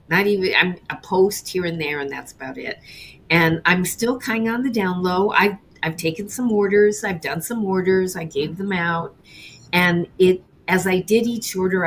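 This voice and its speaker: A middle-aged woman with a lowish voice tells a personal story in a candid, animated way. She slips into voices of the people she quotes. A faint rumble sits under the recording. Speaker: guest, cheesecake baker.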